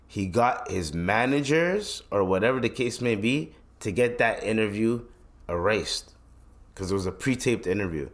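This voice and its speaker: A man hosting his own podcast, ranting bluntly with heavy swearing and slang, often restarting his sentences. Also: fairly low pitch. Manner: profane, blunt, heated opinion talk; rambling with frequent restarts and slang. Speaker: podcast host. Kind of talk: solo podcast rant.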